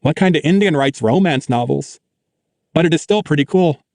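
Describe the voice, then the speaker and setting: A man's voice: on the high side, lively intonation, normal speed, a little mellow, no room sound. A man reading a first-person audiobook in a wry, plain, conversational teenage voice. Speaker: audiobook narrator.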